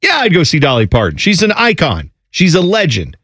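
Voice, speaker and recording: A man hosting a sports radio show, chatting casually and joking with his co-hosts in an animated way. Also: a little fast, breathy edge, no room sound, clean studio sound. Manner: animated, jokey, lively delivery with pitch jumps when quoting. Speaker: radio host.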